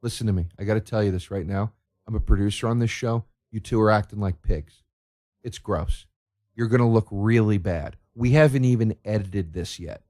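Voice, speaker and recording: Gruff low-voiced male producer, cynical and crude, put on by a comedian. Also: normal speed, warm tone, no echo, studio quality, natural voice. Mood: scolding. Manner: low, muttering, profane.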